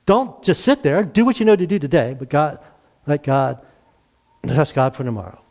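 A man's voice: on the high side, big pitch swings, normal speed, vocal fry, darkish tone. A man in his sixties preaching a conversational sermon, acting out the dialogue and chuckling now and then.

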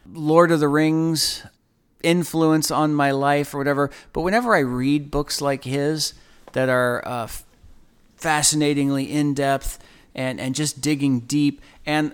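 A man's voice: a little high, a bit bright, clean tone. A man co-hosting a podcast, talking casually and rambling through many restarts and fillers. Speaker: podcast co-host.

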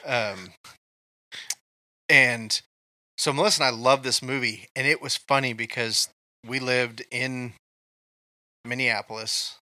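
A man's voice: medium pitch, slow, long pauses, bright, forceful tone, no room sound. A man from Kansas co-hosting a casual movie chat, telling rambling stories with many ums. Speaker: podcast co-host.

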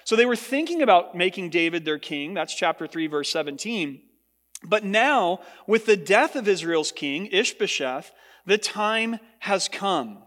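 Pastor guy preaching a sermon, earnest, pretty high voice, big echoey church. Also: animated, a little slow, a bit bright. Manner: earnest preaching, rising in pitch for quoted speech. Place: large church hall. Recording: long hall reverb.

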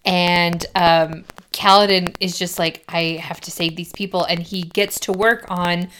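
A woman co-hosting a casual podcast, recapping a book and quoting the characters in a relaxed, chatty way. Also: on the low side, measured pace, slight background noise, rough recording. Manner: relaxed, quotes characters, guesses at theories.

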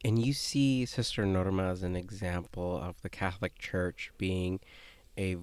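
Low-voiced man asking slow, measured questions. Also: steady tone, a little mellow, smooth. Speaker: interviewer. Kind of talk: interview questions.

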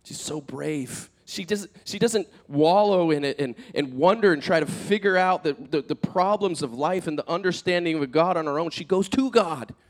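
A man preaching a sermon as pastor, animated and conversational, acting out quoted speakers, swinging between loud emphatic peaks and soft, hushed asides. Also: on the high side, moderate pace, few pauses. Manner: conversational, with fillers and restarts.

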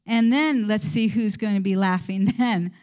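A woman's voice: mid-range voice, moderate pace, a little mellow, voice pushed down, close to an everyday voice. A woman voicing a proud, angry male royal official who schemes and boasts. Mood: scheming. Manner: indignant, boastful.

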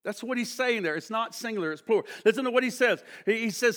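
A middle-aged male pastor preaching a sermon, swinging between loud emphatic passages and hushed near-whispers, drawing out key words for weight. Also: extremely high pitch, a little fast, hardly any pauses.

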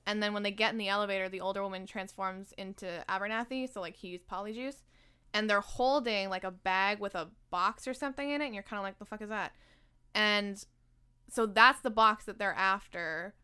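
A young woman co-hosting a casual podcast, recapping a movie in animated chat, swearing freely and acting out characters' lines. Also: medium pitch, a little fast, smooth. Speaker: podcast co-host.

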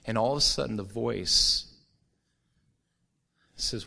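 A middle-aged man preaching a sermon to his church, earnest and building to a forceful, rising close. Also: fairly low pitch, takes it slowly, gravelly. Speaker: pastor.

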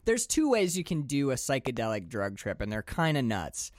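A man co-hosting a podcast, chatting casually about a film, animated and laughing often as he acts out scenes. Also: medium pitch, moderate pace, no echo, studio quality. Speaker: podcast co-host.

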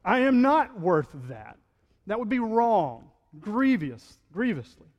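A man's voice: high voice, sing-song, slow pace, big-room sound, muffled recording. A male pastor preaching a sermon in a conversational style, acting out quotes and building to fervent peaks.

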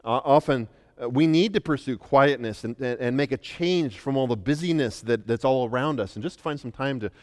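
Middle-aged American pastor preaching, big hall reverb. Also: male voice, medium pitch. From United States. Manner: emphatic preaching, swings from soft to loud. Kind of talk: sermon. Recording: long reverb of a large hall.

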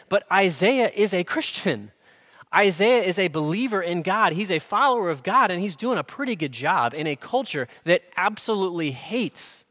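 A man preaching a sermon as pastor, earnest, rising loud on emphasis and dropping soft on key words. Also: a little high. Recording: long hall reverb.

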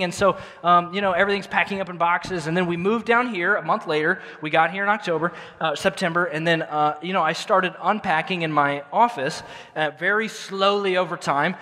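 High, bright-voiced male pastor in a hall. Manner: animated, self-mocking storyteller with many restarts. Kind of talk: storytelling sermon. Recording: long hall reverb from a large room.

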